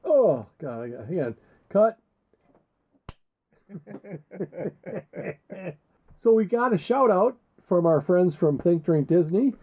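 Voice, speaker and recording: A man with a high voice and big pitch swings talks at a moderate pace as a podcast co-host. The chat is casual, rambling, and jokey with crude asides, and the audio is muffled and lo-fi.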